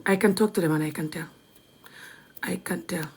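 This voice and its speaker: A woman's voice: lowish voice, steady tone, moderate pace, creaky, a little mellow, husky. A young woman with a Gambian accent chatting bluntly on a live video, laughing often and dropping to a whisper at times. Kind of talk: casual live-stream chat.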